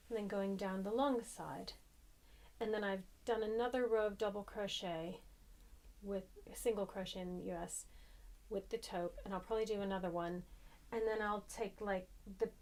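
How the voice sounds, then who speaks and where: A young American woman talks casually about her crochet projects. She rambles and wanders between thoughts, poking gentle fun at herself along the way. Her voice sits at an ordinary middle pitch. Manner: chatty, rambling, self-deprecating. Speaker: crochet podcaster. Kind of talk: casual chat.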